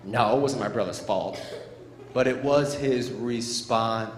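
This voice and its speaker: A man's voice: mid-range voice, unhurried. A man giving a playful motivational talk to schoolchildren, acting out little scenes. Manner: playful, acts out scenes for children. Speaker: motivational speaker. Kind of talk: animated school assembly talk. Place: school gym or auditorium. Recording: echoey hall, faint crowd noise.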